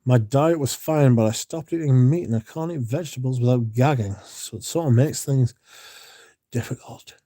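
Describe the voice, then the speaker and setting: A man hosting a livestream reads his chat and chats casually in a drowsy, rambling way, yawning and sometimes mumbling. His voice is medium-pitched and warm, at normal speed.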